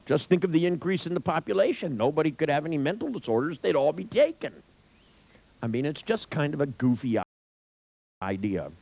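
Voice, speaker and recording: Gravelly, wry man telling a profane story. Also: fairly high pitch, sing-song, a little fast, a little mellow, rough recording. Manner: wry, irreverent, swears freely.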